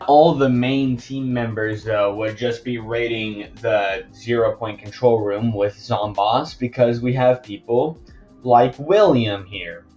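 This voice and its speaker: A man's voice: medium pitch, slow pace, darkish tone. A young man narrates a story casually, rambling and chatty with many asides. His voice sits mid-range for a man. A muffled lo-fi mic and faint music sit behind him. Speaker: fan storyteller.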